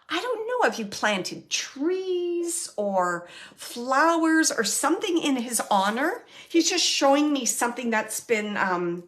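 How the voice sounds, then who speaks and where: This woman's voice is high-pitched and fairly bright. She hosts a show and gives a live mediumship reading, speaking earnestly yet haltingly, with frequent fillers and restarts, often pausing to check in with the person being read.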